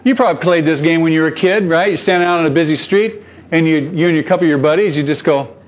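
A pastor with a somewhat high voice preaches quickly, acting out voices in animated stories and throwing in rhetorical questions. The dull lo-fi recording has a little hiss or hum.

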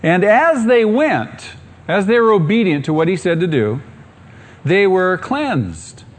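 A middle-aged man preaches a sermon as the congregation's pastor. His voice sits a little high and swoops widely, climbing into excited calls and pointed questions to the listeners before dropping low again. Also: unhurried.

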